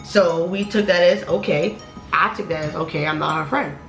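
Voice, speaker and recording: A young woman vlogger telling a heated storytime, profane and animated, her voice climbing higher when she gets worked up. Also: moderate pace. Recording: echoey room with faint music.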